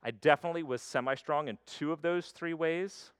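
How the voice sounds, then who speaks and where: A man preaching a sermon, swinging between loud emphasis and quiet, intimate stretches. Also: fairly high pitch, fairly quick, clean tone, no room sound. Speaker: pastor.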